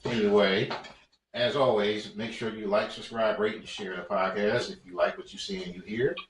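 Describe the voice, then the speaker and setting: A man hosting a casual podcast, laid-back and quick to laugh, teasing his co-hosts. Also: on the low side, fairly even intonation. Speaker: podcast host. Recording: roomy room, mic at a distance, faint noise.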